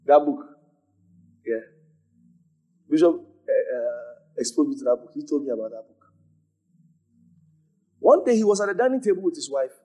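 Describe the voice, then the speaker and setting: A man pastor teaching a congregation, animated, repeating phrases and acting out moments as he preaches. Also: on the high side, normal speed, long pauses. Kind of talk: church teaching with questions.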